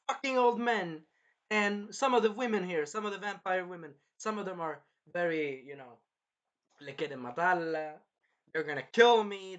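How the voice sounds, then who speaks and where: A man's voice: high-pitched, fairly bright tone, highs cut off. A man voicing a scheming female vampire villain, sneering and profane, in a casual retelling.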